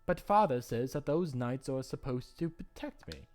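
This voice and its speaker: An earnest young princess, as a man puts her on with a raised voice. Her lines stay curious and sincere, with a lively rise and fall. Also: medium pitch, normal speed, soft background music, close to an everyday voice. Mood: pleading.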